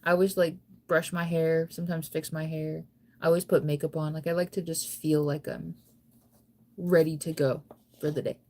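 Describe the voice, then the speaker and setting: A woman's voice: sits low, normal speed. A young woman chatting casually on a late-night livestream, sleepy and yawning, rambling with lots of "like". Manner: relaxed, rambling, heavy use of "like".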